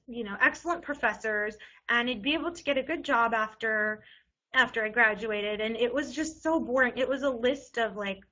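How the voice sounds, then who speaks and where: Bright, chatty young woman giving advice. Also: a little high, rough recording. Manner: chatty, lots of "like" and restarts. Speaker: college admissions essay advisor. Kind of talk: casual webinar advice.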